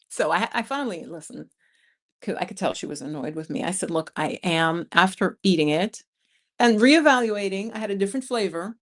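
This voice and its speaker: Speaking at a moderate pace with medium pitch, this livestream host and vlogger from New York City is in her 50s. She laughs often and tells stories with animated chattiness as she reads out viewer comments on a casual stream, using a streaming mic.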